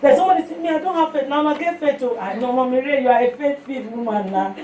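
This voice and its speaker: A woman's voice: high voice, quick pace. A woman with a Nigerian accent preaching a sermon, telling stories animatedly and calling for responses from her listeners. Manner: animated storytelling with call-and-response. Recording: echoey room, far from mic, faint noise.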